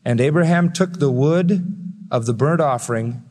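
A man preaching a sermon as pastor, emphatic, building to loud peaks and slowing down to stress key words. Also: medium pitch. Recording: long reverb of a large hall.

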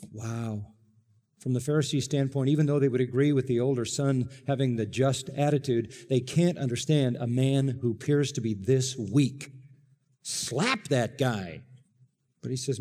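A man's voice: medium pitch, normal speed, dark tone. Preacher man in a big reverberant hall. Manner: dramatic, acts out the characters' lines. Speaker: pastor. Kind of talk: sermon.

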